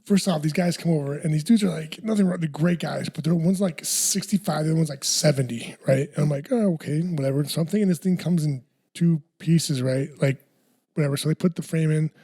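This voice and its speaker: Mellow, rambling man telling stories. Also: a little high, a little fast, breathy edge. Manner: rambling, repeats himself, swears freely. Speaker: podcast co-host. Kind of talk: casual storytelling chat.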